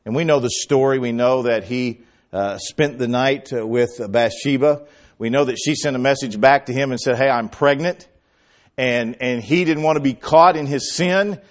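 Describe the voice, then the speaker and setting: A man preaching a sermon, retelling scripture as a lively story and acting out the quoted lines, with bursts of emphasis. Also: medium pitch, normal speed. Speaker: pastor.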